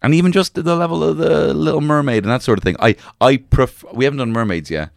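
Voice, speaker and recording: A man's voice: mid-range voice, fast, creaky, no echo, clean studio sound. A young man co-hosting a podcast, rambling through crude comedic banter with lots of fillers. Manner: rambling, with frequent fillers and laughs. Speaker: podcast co-host.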